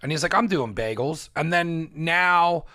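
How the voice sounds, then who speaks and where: Excitable man telling a story, fairly high. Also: measured pace, no room sound, studio quality. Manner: excited storytelling, heavy swearing, acts out quotes. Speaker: podcast guest, bagel baker. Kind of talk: casual chat.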